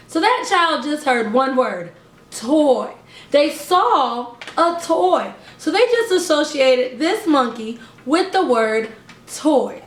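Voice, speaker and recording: A young woman, a preschool teacher, giving an upbeat lesson to parents in a slow, carefully over-enunciated way. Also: high voice, very animated, reverberant. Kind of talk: instructional talk to camera.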